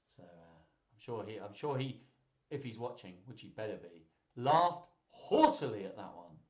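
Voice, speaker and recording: A man hosts a children's live stream, reading out viewers' jokes and laughing easily at them. His voice swings widely in pitch as he chats. The room adds a noticeable echo. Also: moderate pace. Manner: chatty, laughs at jokes, lively delivery. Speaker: host of a live children's joke and story stream.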